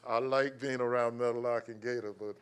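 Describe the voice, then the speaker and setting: A man's voice: mid-range voice, fairly even intonation, brisk, clean tone. A man, giving a preacherly invocation at a county meeting, rhythmic and rising on key words. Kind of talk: spoken invocation and prayer. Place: county commission meeting chamber.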